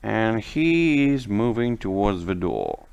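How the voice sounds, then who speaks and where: A man running a tabletop game as game master, narrating the scene in an unhurried way. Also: fairly low pitch, vocal fry, clean tone, highs cut off. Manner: unhurried, lively narration with laughs.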